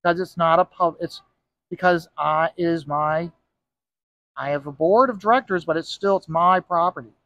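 A man talks in a loose, ranting monologue and keeps coming back to "okay?" to drive his points home. His voice sits fairly high for a man. The sound is dry, with little room around it. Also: normal speed, fairly bright tone, dry recording, lo-fi sound. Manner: ranting, emphatic, repeats "okay?". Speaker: comic book inker and video host. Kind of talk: casual monologue vlog. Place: bar.

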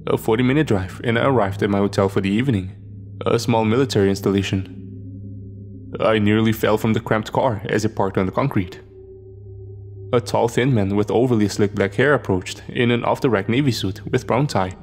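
Gravelly man narrating a horror story. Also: lowish voice, fairly quick, darkish tone, faint music behind. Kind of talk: scripted first-person horror narration.

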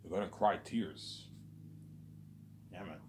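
Speaking slowly in a low, slightly mellow voice, a vlogger goes on an agitated, rambling monologue with a little hiss or hum in the audio. He swears a lot and repeatedly drops in "obviously" and "man."

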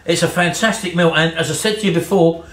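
A man's voice: on the high side, fast talker, fairly bright tone, echoey room. A British man in a casual home cooking vlog, eating on camera and praising the dish in playful, theatrical terms. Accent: British English. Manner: playful, theatrical food praise, calls wife baby. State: eating while talking. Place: home kitchen. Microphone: camera on tripod.

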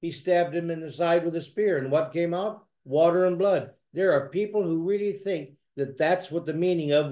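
A man's voice: a little high, animated, moderate pace, few pauses, dark tone. A man teaching a Bible study, who explains word meanings step by step and repeats key phrases for emphasis.

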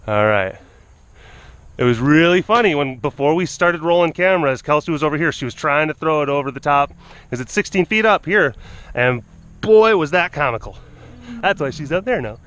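A man's voice: a little high, moderate pace, a bit bright. Playful coaxing man, animal keeper. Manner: playful, coaxing, often repeats phrases to the cubs. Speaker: big cat keeper. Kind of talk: casual narration to camera while working with animals.

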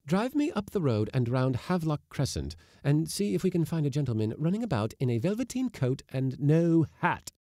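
A woman's voice: deep voice, big pitch swings, normal speed, few pauses, mellow, no room sound, clean studio sound, pitched above the performer's own voice. A man voicing a flustered Victorian wife who fusses anxiously over her husband. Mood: fretful. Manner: anxious, fussing.

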